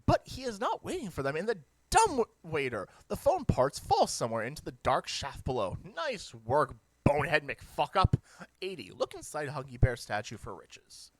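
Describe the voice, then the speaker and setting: A person reading a webcomic aloud with reactions, hammy and jokey, swinging between deadpan lines and shrill outbursts. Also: moderate pace, dry recording. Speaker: reader of a webcomic.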